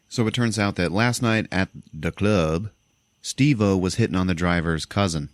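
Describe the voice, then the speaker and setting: A man hosting a podcast, casually retelling a movie plot in an animated, profane way and acting out the characters' lines. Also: low voice, moderate pace, no echo. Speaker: podcast host.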